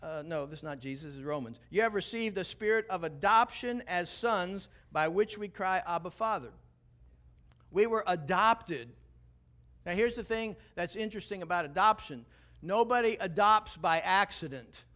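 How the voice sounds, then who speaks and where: A man preaching a sermon, telling a personal story with animated shifts between hushed, tense passages and rising emphasis. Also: normal speed. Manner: animated storytelling, drops low and quiet for tense moments, then rises and preaches. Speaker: pastor.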